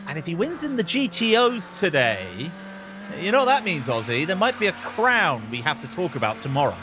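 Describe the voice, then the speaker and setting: A man's voice: on the high side, big pitch swings, fairly quick, noisy background. A man commentating a sim racing broadcast, calling laps and reading out the starting grid with energy. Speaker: lead commentator.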